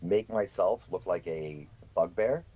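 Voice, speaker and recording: Deep-voiced man playing a tabletop game. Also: unhurried, mellow, dull audio. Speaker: player. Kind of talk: casual tabletop play.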